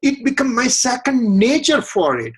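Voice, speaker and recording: A man's voice: very high voice, sing-song, normal speed, slightly rough. A man leading a religious scripture study class, earnest and repetitive, often asking rhetorical questions.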